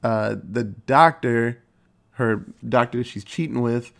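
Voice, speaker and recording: A man chatting casually as he recaps a story, loose and rambling. He strings thoughts together with "like" and drops in casual swearing. His tone is relaxed and conversational. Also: mid-range voice, slow, creaky. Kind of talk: casual chat retelling a movie plot.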